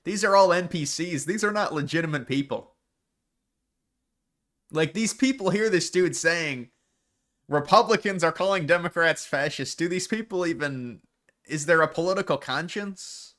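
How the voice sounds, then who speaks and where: A man's voice: a little high, normal speed, a bit bright. Sarcastic man doing live commentary. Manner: mocking, sarcastic, laughs often.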